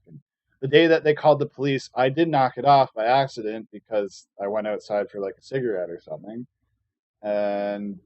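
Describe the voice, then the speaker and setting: This live streamer delivers a loose ranting monologue full of swearing and fillers, frequently mocking and sarcastic. His pitch is fairly low and his tone darkish. The recording is lo-fi, with no room sound.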